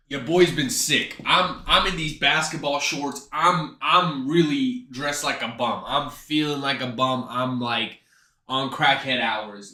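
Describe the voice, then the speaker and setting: A man's voice: mid-range voice, takes it slowly, pushed and bright. A man livestreaming while sick with a blocked nose and short of breath, chatting casually in a rambling, profane way and often stammering and repeating himself. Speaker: streamer.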